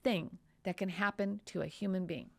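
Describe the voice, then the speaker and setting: A woman's voice: medium pitch, fairly even intonation, moderate pace, vocal fry. A woman voicing an outraged male expert witness who scolds his questioner in court, indignant and emphatic.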